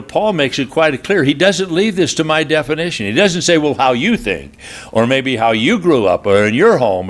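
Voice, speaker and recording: A man preaching a sermon at a marriage retreat, telling humorous stories and leaping into high, animated voices for the people he quotes. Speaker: pastor. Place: church retreat hall.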